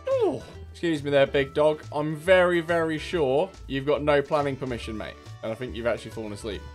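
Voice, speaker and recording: A man's voice: on the high side, lively intonation, brisk, soft background music. A young man giving cheeky, swear-filled gameplay commentary and mocking other players. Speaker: gaming streamer.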